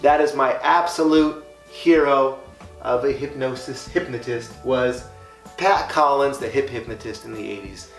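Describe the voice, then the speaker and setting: In an echoey room with music underneath, a male hypnotist hosts a laid-back reaction video. His voice is mid-range and his pace measured, and he stays upbeat, explaining along the way and laughing a lot.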